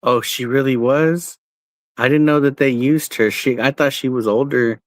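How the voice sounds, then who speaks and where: A man's voice: mid-range voice, steady tone, normal speed, no room sound. A man chatting casually as a streamer, rambling with many fillers and restarts and swearing now and then. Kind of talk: casual chat.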